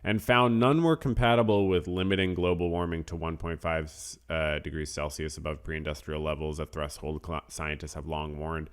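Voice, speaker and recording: A man's voice: rumbling low, fairly even intonation, moderate pace, few pauses, clear, resonant tone. A man hosting a podcast in a casual, rambling way, reading out supporter names and news, often trailing off into self-deprecating mutters. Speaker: podcast host.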